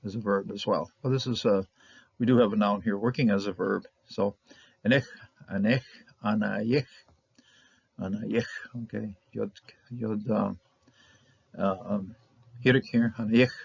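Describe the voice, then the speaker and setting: A low-voiced man with a gravelly edge teaches Hebrew grammar in a loose, rambling way, repeating words and chuckling often. The recording sounds dull and lo-fi. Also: fairly even intonation, measured pace, pauses often, dry recording. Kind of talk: casual Bible language lesson.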